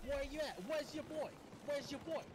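Furious trash-talking man gamer, high voice. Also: steady tone, moderate pace. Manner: furious, profane taunting. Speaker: gamer playing with his wife. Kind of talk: angry trash talk during gameplay. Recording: loud game noise behind.

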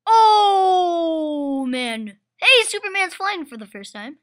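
A woman commentating a home-made toy race, full of excited exclamations. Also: extremely high pitch, slow pace.

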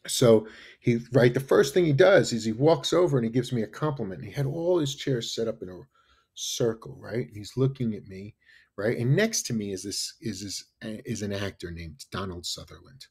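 A man in his fifties from New York, a podcast guest telling animated stories and often adding "right?" and "you know". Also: medium pitch, moderate pace, breathy edge. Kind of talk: casual storytelling interview.

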